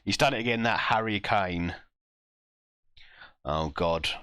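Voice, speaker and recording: A man streaming a football management game, reacting live with self-mocking groans and quick asides to chat. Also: on the low side, bright, forceful tone, clean tone, dry recording.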